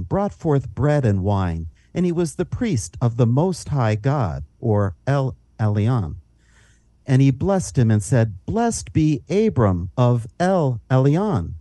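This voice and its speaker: A man's voice: mid-range voice, measured pace, no echo. A man reading Bible passages aloud and explaining them in a teaching podcast. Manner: reads scripture aloud with lively rises and falls.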